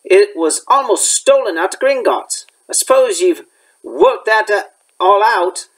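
A man reading as a gruff, proud groundskeeper. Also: high voice, expressive, unhurried, fairly bright tone, low-quality recording. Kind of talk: reading a chapter book aloud.

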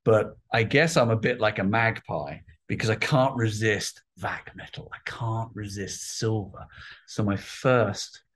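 A middle-aged man telling stories in a casual interview chat, acting out voices from his childhood. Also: lowish voice. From England. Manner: animated storyteller, acts out childhood voices. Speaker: guest artist.

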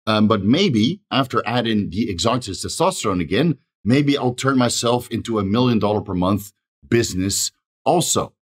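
A low, husky-voiced man talks fast in a solo advice monologue for his own channel. He rattles off long lists of numbers and doses, checking in with a quick "right?" along the way. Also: expressive. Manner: rapid, rattles off lists of dosages with frequent "right?" tags. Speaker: channel host giving advice.

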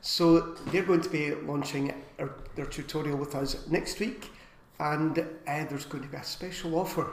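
A man co-hosting a casual live stream, chatty and rambling, with filler pauses. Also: fairly high pitch, fairly even intonation, roomy sound, a little hiss or hum.

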